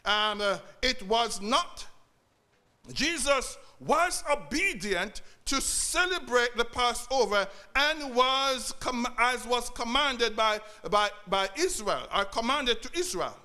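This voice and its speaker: High-voiced, slow male preacher. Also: lively intonation, bright, forceful tone. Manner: preaching with repetition and call-outs to the congregation. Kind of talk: sermon.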